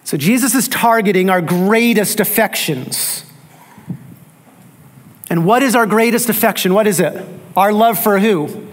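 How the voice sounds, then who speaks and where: A man's voice: high voice, unhurried, long pauses. A man preaching a sermon, emphatic, repeating key phrases and asking rhetorical questions. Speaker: pastor.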